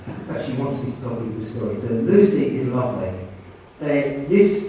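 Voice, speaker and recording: Animated storytelling man in an echoey room. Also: medium pitch. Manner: animated anecdotal storytelling, acting out quoted voices. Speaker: doctor and medium. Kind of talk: storytelling in an interview. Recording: echoey room, speaker far from mic, faint noise.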